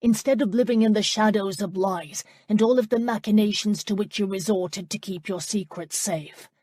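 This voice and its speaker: A woman's voice: mid-range voice, moderate pace, dark tone, dry recording, clean studio sound, lightly acted. A woman reading the lines of an earnest young male reverend who speaks firmly. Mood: reproachful.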